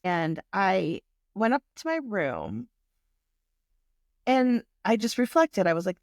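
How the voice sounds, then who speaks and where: This forties-aged vlogger speaks at medium pitch, very animated yet slow, leaving long pauses as she tells a candid, emotional personal story full of swearing. A gravelly fry ends her phrases, and the sound is dry and close.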